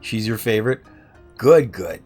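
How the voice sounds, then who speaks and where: A man's voice: lowish voice, animated, unhurried, darkish tone, soft background music. A man casually chatting on a game livestream, self-deprecating and answering viewers' chat. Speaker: game streamer.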